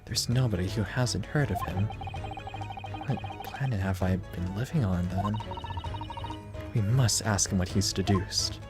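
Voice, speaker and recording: A man's voice: low voice, unhurried, long pauses. A man voicing an earnest, polite young female assistant, eager and admiring. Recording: game music underneath.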